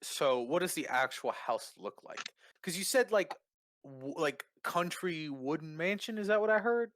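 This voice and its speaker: A man's voice: fairly high pitch, lively intonation, a little slow, fairly bright tone, no echo. Man running a tabletop game, dry sound. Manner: playful, teasing, hesitant restarts. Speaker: game master.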